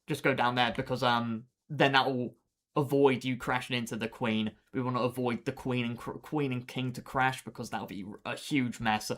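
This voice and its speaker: A man's voice: mid-range voice, level tone, moderate pace, a bit bright, a little hiss or hum. A man streaming a game live, rambling and exasperated as he gives teammates step-by-step directions, sounding tired. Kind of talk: live gameplay commentary.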